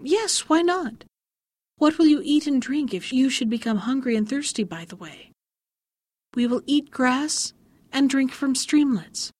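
Two kindly hares speak slowly and gently in a fairy tale, voiced by a woman. The sound is high, close and dry. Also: animated, no echo. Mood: gentle. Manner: slow, gentle.

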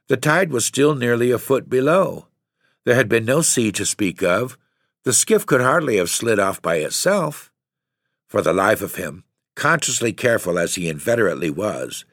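A man reading a literary story aloud in a measured, steady narration. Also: fairly low pitch, no room sound, studio quality. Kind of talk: scripted audiobook narration.

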